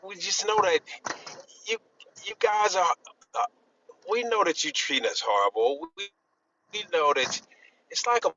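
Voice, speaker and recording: A man talks in a loose group discussion, his fairly high voice bright and lively as it swings up and down. He rambles and restarts often, pushing his points with emphasis. The audio is slightly dull and lo-fi, with faint noise behind. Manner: rambling, halting, with many restarts. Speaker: discussion panelist.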